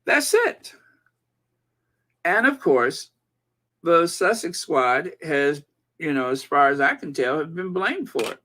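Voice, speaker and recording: A man hosting a live-stream commentary, reading viewer comments aloud in an animated, gossipy way. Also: on the high side, measured pace. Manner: animated and gossipy, breaking into laughter. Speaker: channel host.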